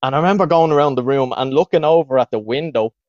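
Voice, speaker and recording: Irish podcast co-host, thirties, casual storyteller, dry slightly muffled mic. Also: male voice, medium pitch, fast talker, dry recording. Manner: animated, laughing, slips into voices of others.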